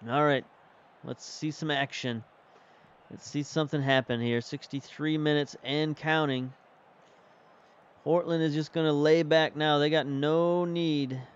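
This game streamer, male, has a slightly high, clean voice with a steady tone and a measured pace. He chats casually while managing a football match in a management game, reasoning aloud about tactics and substitutions. The audio is lo-fi.

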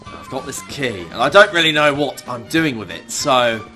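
A man's voice: medium pitch, wildly swooping pitch, normal speed, sharp tone, faint music behind. A man putting on the voice of a foul-mouthed, furious celebrity chef, swearing and sighing while commenting on a game. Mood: weary. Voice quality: constant swearing, exasperated sighs. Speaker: gamer doing a parody voice. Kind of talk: comedic gameplay commentary.

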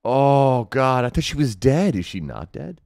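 A man's voice: mid-range voice, big pitch swings, moderate pace, creaky, no room sound. A young man streaming a horror game, talking nervously with jumpy, self-mocking remarks. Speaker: gaming streamer. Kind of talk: horror game let's play commentary.

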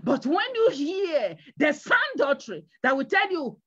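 In a high, sing-song voice with a fairly bright tone, a female evangelist delivers a sermon at a measured pace, hammering her message through repetition and pleading exhortation. The audio is dull and lo-fi.

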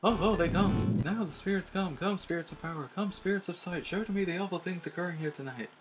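A man raises his voice to play a grandiose female ghost fortune teller from a video game. She chants and swoons over her crystal orb in a high, theatrical register, full of melodrama. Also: quick pace, over music, natural voice. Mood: mystic. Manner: melodramatic, incantatory.

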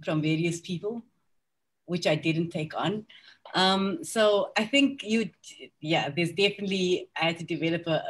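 Candid woman author with many ums. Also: low voice. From South Africa. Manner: reflective, candid, frequent ums. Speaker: author on a panel. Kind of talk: panel discussion.

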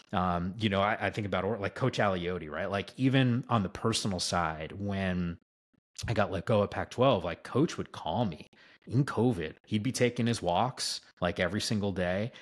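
A man, a sports broadcaster, tells stories as a podcast guest in an enthusiastic, rambling way, full of "like" and "right?". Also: low-pitched. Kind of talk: casual podcast storytelling.

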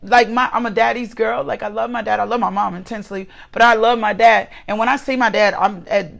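A woman's voice: a little high, steady tone, fairly quick, creaky, a bit bright. A woman in her forties reading scripture and preaching a devotional message, fervent and repeating her phrases. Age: 40s. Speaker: host and preacher.

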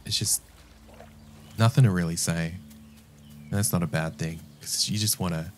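A man's voice: low-pitched, steady tone, normal speed, long pauses, slight background noise. A man giving casual let's-play commentary, rambling, mocking himself and chatting to the game's characters. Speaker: gameplay commentator.

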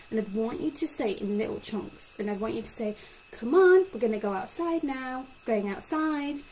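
A young woman, a speech and language therapist explaining tips to parents in an animated way. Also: fairly high pitch, poor audio. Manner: animated, acts out child-directed phrases. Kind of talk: talk to parents. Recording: faint background noise.

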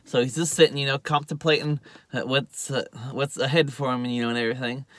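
A man gives a loose, rambling recap of a TV episode, filling it with "uh" and "you know." His voice is bright and forceful, recorded dry and close with no room sound. When he quotes the characters, he jumps louder and higher. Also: fairly even intonation, fairly quick, no echo. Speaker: TV show reviewer. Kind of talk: casual spoken recap.

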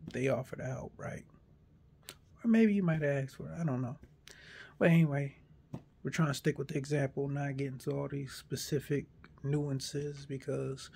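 A man in a casual monologue, arguing a point in an animated way and acting out imagined back-and-forth dialogue. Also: medium pitch, creaky, husky.

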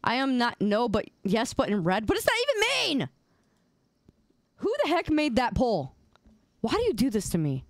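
A woman's voice: fairly high pitch, very animated, normal speed, long pauses, dry recording, studio quality. A woman streaming, chatting casually and reacting to memes with playful, mock-indignant whining and teasing.

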